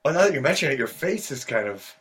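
A man doing improv comedy, chatty and quick, with some swearing and silly impressions. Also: medium pitch, big pitch swings, fairly bright tone, breathy edge.

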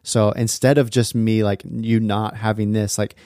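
A male podcast host asking questions in a relaxed, conversational way, with plenty of "like" and "you know" in his speech. His voice is low and warm, and the recording is dry and close. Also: moderate pace, dry recording. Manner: conversational, lots of fillers. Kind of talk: podcast interview.

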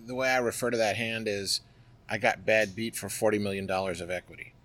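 A man's voice: on the low side, brisk. A middle-aged man guesting on a podcast, spinning anecdotes in a loose, chatty way. He piles on fillers and keeps the story rolling. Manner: lively, chatty, filler-heavy. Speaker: guest, poker player. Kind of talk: interview storytelling.

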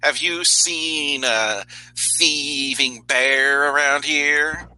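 A man voicing an oversized bumblebee leader who makes slow, clipped demands. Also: fairly high pitch, bright, forceful tone, dry recording, exaggerated voice, poor audio. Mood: suspicious.

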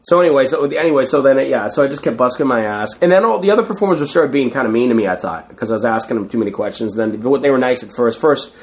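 A man's voice: mid-range voice, expressive, fast, few pauses. A middle-aged man in a casual interview, telling rambling stories and acting out what others said. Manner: rambling, acts out quoted voices. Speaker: guest, street performer.

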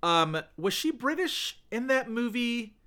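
Chatty man with a bright voice. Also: extremely high pitch, sing-song, measured pace. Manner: chatty, rambling, many fillers. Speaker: podcast co-host. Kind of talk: casual film podcast chat.

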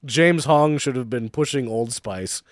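A man's voice: medium pitch, a little slow, no room sound, studio quality. A man co-hosting a casual movie-recap podcast, sarcastic and swearing, often slipping into silly character voices. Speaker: podcast co-host.

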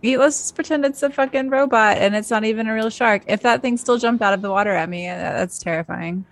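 A woman's voice: fairly high pitch, brisk. A woman co-hosting a podcast, frankly arguing her view on a film and swearing casually. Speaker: podcast co-host.

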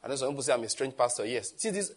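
A man preaching a sermon as pastor, animated and emphatic, often firing rhetorical questions. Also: medium pitch, very fast, husky.

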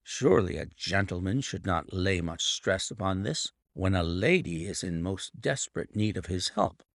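A man voicing a calm, confident male detective who speaks in a measured, self-assured way. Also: deep voice, dry recording, studio quality, voice pushed down. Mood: resolute. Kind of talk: audiobook reading.

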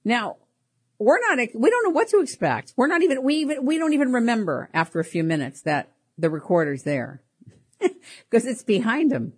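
A middle-aged woman hosting a show, telling personal stories in an animated way, often laughing and repeating her words. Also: a little high, moderate pace, slightly rough. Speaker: podcast host. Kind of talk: personal storytelling.

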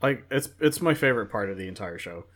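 A man's voice: lowish voice, animated, fast, a bit bright. A man chatting bluntly as a guest on a review podcast, swearing freely. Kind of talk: casual chat.

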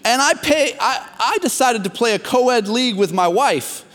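A man preaching a sermon as pastor, animated and self-deprecating, acting out his stories. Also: very high voice, moderate pace. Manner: animated, self-deprecating, acts out quotes loudly. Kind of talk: sermon with personal storytelling. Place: church sanctuary. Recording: long hall reverb.

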